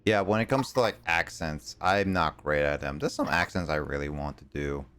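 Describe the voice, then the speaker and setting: A man's voice: extremely low pitch, normal speed, fairly bright tone, a little hiss or hum. A man streaming a game and chatting casually, rambling with many fillers and restarts, his R sounds bending slightly toward L. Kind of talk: casual chat while gaming.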